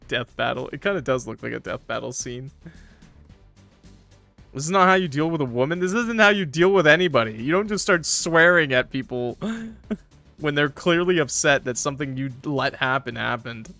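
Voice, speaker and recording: A man's voice: a little high, normal speed, creaky, sharp tone, faint music behind. Chatty male game streamer. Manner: chatty, rambling, self-interrupting. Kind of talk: casual game commentary.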